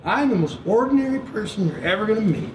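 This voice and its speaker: A man's voice: sits high, animated, fast. A man preaching in a storytelling way, laughing often and acting out what people said. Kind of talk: storytelling sermon. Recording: echoey room, mic far off, noisy.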